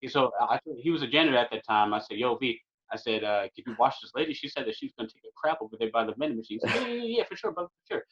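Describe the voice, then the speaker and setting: A young man from California, a podcast guest, telling a long funny story in a casual, animated way, full of fillers like "man" and "or what have you". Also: medium pitch, rapid-fire, hardly any pauses. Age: young adult. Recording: dull lo-fi podcast audio.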